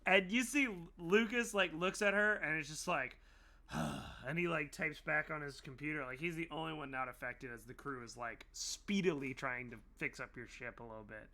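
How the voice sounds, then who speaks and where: Man, game master, tabletop role-play narration, very bright voice, slightly high, laughs often. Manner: laughs often and puts on quick voices for the characters.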